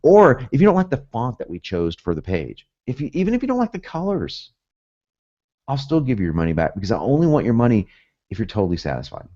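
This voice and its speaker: A man with a mixed Southern and Northern American accent, teaching a recorded marketing course in an animated, salesy way with sudden loud emphasis. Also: medium pitch, fast talker, highs cut off. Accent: mix of Southern and Northern US. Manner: animated, salesy, jumps up loudly on key phrases. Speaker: marketing instructor.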